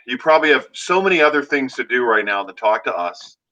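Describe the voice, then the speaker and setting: A man's voice: mid-range voice, very animated, fast talker, pushed and bright, muffled recording. A man co-hosting a podcast, giving brief, friendly responses in casual chat. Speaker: podcast co-host.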